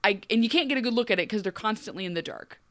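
A woman co-hosting a podcast, giving a wry, animated recap with frequent laughs. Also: medium pitch, racing. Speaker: podcast co-host. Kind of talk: casual recap chat.

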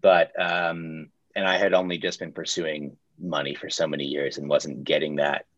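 A laid-back man with a very low voice tells his story in relaxed, casual chat. He swears freely and acts out what people said. The recording sounds a little dull and lo-fi. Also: normal speed, dry recording. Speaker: pizzeria owner.

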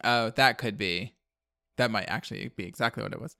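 A man's voice: lowish voice, a little fast, vocal fry, bright, forceful tone, no room sound, clean studio sound. A man on a podcast casually recapping a horror movie plot, rambling with lots of fillers and wry asides. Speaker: podcast co-host.

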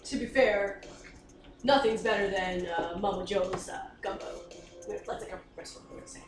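A woman's voice: mid-range voice, normal speed. A woman playing in a tabletop game, chatting casually with laughing asides. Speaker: player. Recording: roomy room, distant mic, crowd noise.

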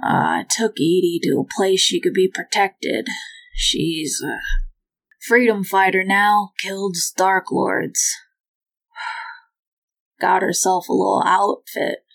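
A woman's voice: mid-range voice, takes it slowly, gravelly, pauses often, low-quality recording. A woman voicing a weary, ominous old female seer who chain-smokes and has a wheezy chest.

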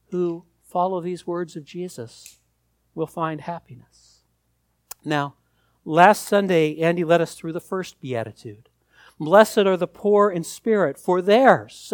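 A man preaching a sermon, slow and deliberate, leaning hard on key words. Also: high voice, no echo, clean studio sound.

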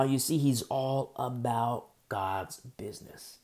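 Very deep-voiced woman preaching. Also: animated, moderate pace, a little mellow. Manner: emphatic, rhetorical, repeats key phrases, asks "You see?". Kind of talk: verse-by-verse Bible teaching.

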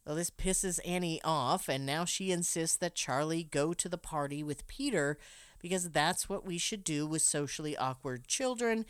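Woman, low voice, podcast host recapping a movie with wry humor, dry close sound. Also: normal speed, smooth, no echo. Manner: wry, laughs often, breaks into asides. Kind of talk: casual chat and plot recap.

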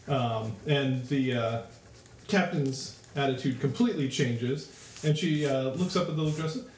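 A man's voice: mid-range voice, normal speed, darkish tone. A man narrating as game master of a tabletop game, rambling with many fillers. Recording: echoey room with faint noise.

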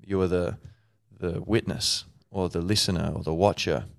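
A man's voice: low-pitched, steady tone, moderate pace, vocal fry, no room sound, studio quality. A man hosting a podcast, thinking aloud in a rambling, playful way with many fillers. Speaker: podcast host. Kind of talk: casual solo talk.

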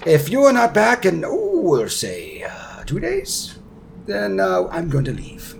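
A man's voice: high-pitched, huge pitch swings, unhurried, creaky, a little hiss or hum, voice pushed up, heavily acted. Prince Darren, voiced by a man, pompous and whiny. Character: fussy haughty male prince, young adult.

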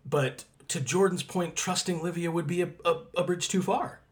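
A man's voice: sits high, normal speed. Reflective man discussing a TV drama. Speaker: podcast co-host. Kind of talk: analytical casual discussion.

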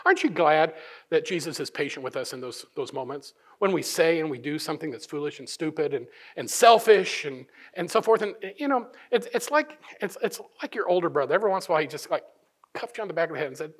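A middle-aged male pastor preaching a sermon, acting out voices and swinging from hushed asides to loud emphatic points. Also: high voice, a little fast, breathy edge. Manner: animated, acts out voices, many restarts.

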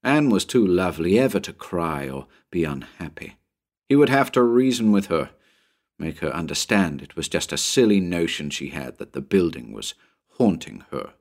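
A man narrating a horror short story in a measured, suspenseful audiobook style. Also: low-pitched, big pitch swings.

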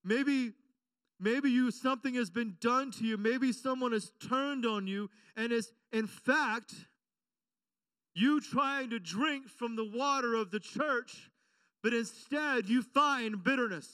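A man's voice: extremely high pitch, slow, a bit bright, clean tone, dry recording, recorded from a distance. A man preaching as pastor, emphatic and repetitive, often checking in with the congregation. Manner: emphatic preaching with repeated call-and-response questions. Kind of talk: sermon. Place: church.

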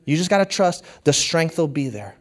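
A middle-aged man preaching a sermon, earnest and conversational, dropping to a hushed voice for stories. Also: a little high, big pitch swings, normal speed. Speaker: pastor.

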